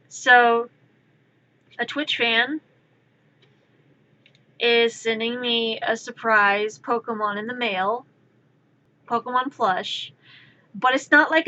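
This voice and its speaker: A young woman streamer chatting casually, rambling into animated storytelling. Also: fairly high pitch, muffled recording. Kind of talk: casual chat while drawing. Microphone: streaming mic.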